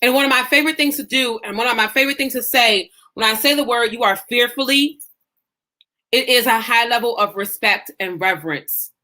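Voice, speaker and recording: A woman's voice: fairly high pitch, a little fast, pushed and bright. A woman life coach teaching her group with passion and emphasis, in a preacherly way, with speech. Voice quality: emphatic, preacherly, acts out self-talk in quotes. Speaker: faith-based life coach.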